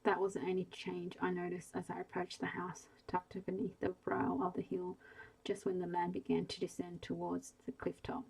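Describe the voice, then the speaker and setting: A woman reading a bedtime story aloud in a soft, hushed ASMR style, slow and gentle. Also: fairly low pitch, monotone, creaky, husky, low-quality recording.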